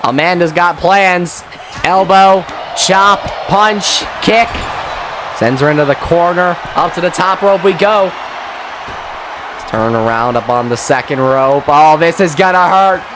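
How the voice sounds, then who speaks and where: A young man giving excitable play-by-play commentary on a wrestling match, with mild swearing and quick self-corrections. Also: on the high side, crowd noise, noisy background. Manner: excitable, swears mildly, laughs at own slips. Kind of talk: solo play-by-play commentary of a video game match.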